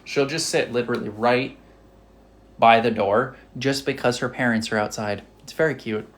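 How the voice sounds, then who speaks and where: A man's voice: mid-range voice, fairly even intonation, normal speed, fairly bright tone. A young man with a Rhode Island accent, chatting casually on a live stream from his home kitchen, full of fillers. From Massachusetts. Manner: chatty, many likes and fillers.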